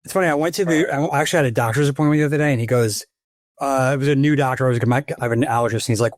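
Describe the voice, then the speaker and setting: Quick self-deprecating middle-aged man. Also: mid-range voice, no echo, clean studio sound. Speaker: guest, former reporter. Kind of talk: casual podcast chat.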